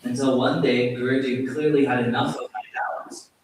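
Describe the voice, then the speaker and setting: A man, a yoga teacher, giving a temple talk as an animated, self-deprecating storyteller, recorded in a very echoey hall from a distant mic with faint hiss. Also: mid-range voice, normal speed. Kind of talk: sermon with storytelling.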